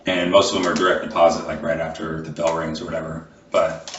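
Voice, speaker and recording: A man with a very deep voice muses out loud on a casual podcast, working through ideas as he goes and dropping swear words here and there. He sits a little far from the mic, and the room rings with echo. The recording sounds dull and muffled. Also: little pitch movement, fast talker, a little hiss or hum. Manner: rambling, swears casually, thinks aloud. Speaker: podcast co-host. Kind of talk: casual chat. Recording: roomy, distant, muffled podcast audio.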